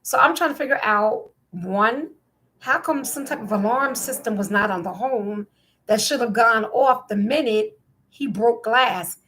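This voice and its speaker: A woman's voice: a little high, unhurried, fairly bright tone. A woman from New Jersey hosting a casual opinion talk show, rambling and incredulous as she questions the news. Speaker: podcast host.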